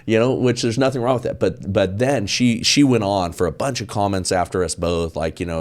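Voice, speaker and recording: A man's low-sitting voice, at a moderate pace, is heard as a guest on a podcast interview. He speaks in an emphatic, preachy way, hammering his points home through repetition.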